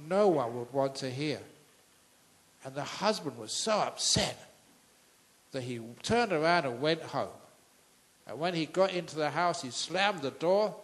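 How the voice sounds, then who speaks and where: An older man with a British accent, a monk telling a story in a sermon, acting out characters with sudden loud outbursts. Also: fairly high pitch, rough recording. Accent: British English. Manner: animated storyteller, acts out voices with loud outbursts. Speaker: monk giving a dharma talk. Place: large trade centre hall with an audience.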